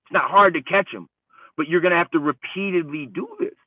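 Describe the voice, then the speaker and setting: A man vents in a casual, foul-mouthed rant, his voice jumping between raised outbursts and low mutters. The sound is dry and narrow like a phone line, and he sits a bit back from the mic. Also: fairly quick, no echo, recorded from a distance. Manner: profane, heated, rambling, swings between loud and muttered. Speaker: channel host.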